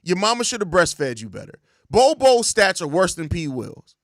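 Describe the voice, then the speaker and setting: A man's voice: sits high, big pitch swings, normal speed, a bit bright, no echo, studio quality. A young man hosting a sports show, ranting in exasperated, profane casual commentary and repeating himself. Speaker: sports podcast host.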